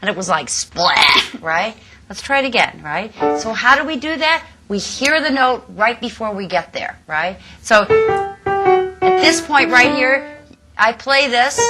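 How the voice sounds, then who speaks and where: A woman's voice: fairly high pitch, very animated, unhurried, loud music behind the voice. A woman vocal coach giving a singing lesson, explaining exercises and demonstrating them. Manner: demonstrative, sings exercise syllables between explanations.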